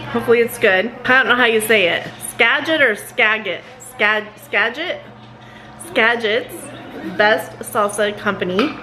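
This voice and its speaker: A woman's voice: fairly high pitch, pushed and bright, low-quality recording. A woman hosting a family vlog, chatting and laughing as she cooks dinner at home. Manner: chatty, giggly, narrates cooking to camera. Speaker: vlog host and mother. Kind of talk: casual family vlog chat. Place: home kitchen. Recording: home recording with background noise.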